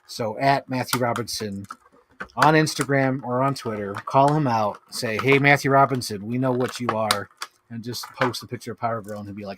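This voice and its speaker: A man in his thirties rambles through a casual unboxing stream at a middling pitch. He talks in an excitable, chatty way and keeps breaking into laughs. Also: fairly quick, noisy background. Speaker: streamer host. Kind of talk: casual chat while unboxing collectibles.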